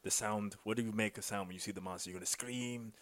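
A man's voice: on the low side, steady tone, quick pace, fairly bright tone, natural voice. A man putting on a made-up foreign accent to play a rambling male film director who hesitates and repeats his words. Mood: musing.

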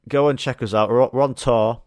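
A Yorkshire man in mid-pitch hosts a podcast, rambling through anecdotes with plenty of fillers and casual swearing. His voice is close and dry, with no room sound. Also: steady tone, a little fast, darkish tone, no echo. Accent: Yorkshire English. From Yorkshire, England. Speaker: podcast host. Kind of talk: casual storytelling chat.

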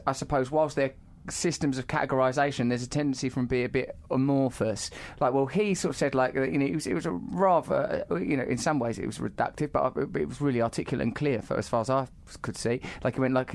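A man hosting a podcast interview, talking in loose, rambling sentences full of fillers. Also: mid-range voice. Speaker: podcast host. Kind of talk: casual interview conversation.

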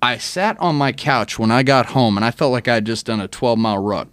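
A man talking in a casual podcast chat, recounting stories with animated, swearing energy. His voice is mid-pitched and sits close and dry to the mic, with no room sound. He talks like a veteran guest among friends. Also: brisk, no echo. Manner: animated, profane storytelling.

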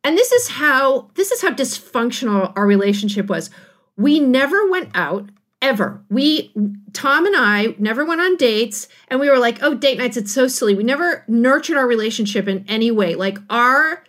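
A middle-aged woman, a guest author on a podcast, telling a personal story in a casual, animated way and laughing often. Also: a little high, moderate pace. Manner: animated, laughing, acts out quotes.

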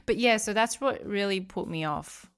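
A young woman co-hosting a casual podcast chat, talking in an animated, chatty way and acting out quotes as she retells a story. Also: mid-range voice, moderate pace, clear, resonant tone, soft background music. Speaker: podcast co-host.

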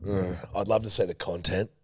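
A man's voice: sits low, steady tone, brisk, fairly bright tone, dry recording. A young man co-hosting a podcast while hungover, dry and mocking, swearing freely in casual banter. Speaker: podcast co-host.

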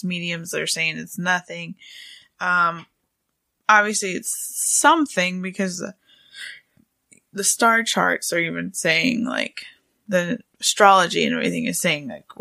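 A woman's voice: on the low side, vocal fry, sharp tone, dry recording. A woman co-hosting a casual podcast, talking loosely with many fillers. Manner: filler-heavy, giggly, chatty. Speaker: podcast co-host. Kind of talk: casual chat.

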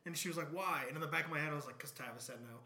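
A man co-hosting a podcast, chatting casually and telling animated stories, with his voice swinging between loud bursts and low mumbles. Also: racing, reverberant. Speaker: podcast co-host. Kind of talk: casual chat.

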